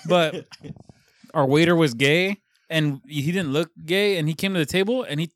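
A man's voice: a little high, normal speed, no echo. A man in his twenties co-hosting a podcast, telling rambling profane stories and laughing often in casual banter. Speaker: podcast co-host.

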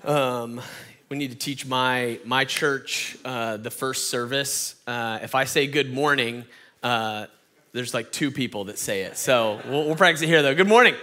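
A man's voice: medium pitch, measured pace, sharp tone. A man with a Southern accent from Atlanta, a guest pastor giving a folksy, conversational sermon full of fillers and restarts. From Atlanta, Georgia.

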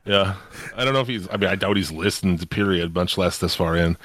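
A man's voice: low voice, brisk, fairly bright tone, dry recording. A middle-aged man hosting a podcast, rambling and swearing a lot, laughing as he goes. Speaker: podcast host. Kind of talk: casual chat.

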